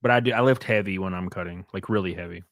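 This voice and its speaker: A man's voice: sits low, fast, fairly bright tone, no room sound, clean studio sound. A man hosting a casual livestream, blunt and profane, rambling and reading chat donations aloud. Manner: reads and answers chat donations. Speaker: livestream host.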